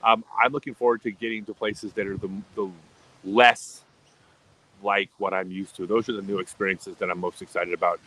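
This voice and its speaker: A man's voice: lowish voice, little pitch movement, normal speed, sharp tone, poor audio. A middle-aged man chatting casually on a livestream, rambling and often restarting his sentences. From United States. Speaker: livestream host.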